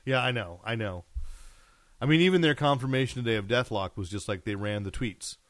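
A man's voice: medium pitch, fairly quick, no echo, studio quality. A man hosting a podcast, chatting casually and rambling through comic news with lots of fillers. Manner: rambling, animated retelling with filler words. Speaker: podcast host. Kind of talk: casual chat.

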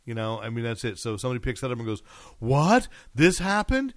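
A man's voice: mid-range voice, rapid-fire, dry recording, clean studio sound. A man hosting a podcast, chatting casually and rambling through comic news with lots of fillers. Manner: rambling, animated retelling with filler words. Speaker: podcast host. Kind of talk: casual chat.

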